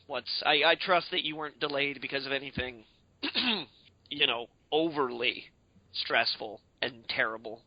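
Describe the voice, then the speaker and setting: A man's voice: medium pitch, expressive, normal speed, dry recording, highs cut off. A man co-hosting a podcast, chatting casually and spinning exaggerated comic riffs. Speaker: podcast co-host. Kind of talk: casual comedic chat.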